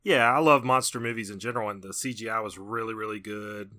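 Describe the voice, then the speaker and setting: A man's voice: on the low side, fairly even intonation, quick pace, bright, forceful tone. A man hosting a podcast, chatting upbeat and laughing easily. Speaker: podcast host. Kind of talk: casual chat.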